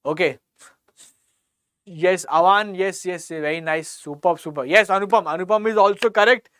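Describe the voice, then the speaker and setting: A man's voice: high-pitched, moderate pace, fairly bright tone, clear, resonant tone, dry recording. A man with an Indian English accent teaching a live online quiz class, encouraging students by name and repeating each question. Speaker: exam coaching teacher.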